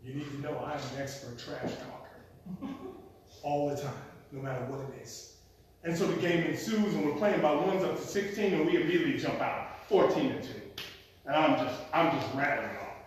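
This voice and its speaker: A man telling a comic story at a live storytelling performance, animated and acting out the scenes. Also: a little high, moderate pace, slight background noise. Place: performance venue. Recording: echoey room, mic at a distance.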